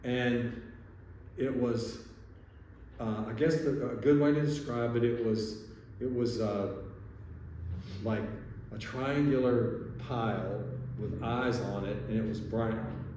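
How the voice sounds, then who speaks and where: A man's voice: mid-range voice, fairly even intonation, slow pace, dark tone. Man telling rambling stories in an echoey room. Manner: rambling, chuckling, many restarts. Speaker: podcast host, surgeon. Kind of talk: casual chat, storytelling. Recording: echoey room, distant mic, faint noise.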